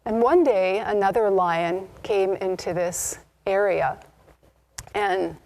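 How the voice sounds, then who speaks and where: A woman minister gives a sermon at a Sunday service, unhurried and reflective. She lingers over phrases as she tells a parable, with a pitch in the middle of her range. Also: a little mellow. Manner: slow, deliberate, reflective. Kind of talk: sermon storytelling. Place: spiritual community service.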